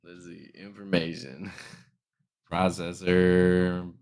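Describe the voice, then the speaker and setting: A woman's voice: rumbling low, little pitch movement, very slow, darkish tone. A woman co-hosting a casual podcast, teasing, blunt and sarcastic, with casual swearing. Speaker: podcast co-host.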